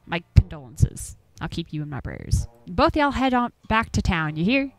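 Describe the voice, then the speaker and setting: A woman's voice: lowish voice, big pitch swings, normal speed, dry recording, faint music behind, rough recording. A woman voicing a stubborn old rural man from the Appalachian hills, with a folksy drawl, grumbling and scolding. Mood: gruff. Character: gruff old rural man, stubborn chicken farmer and hunter.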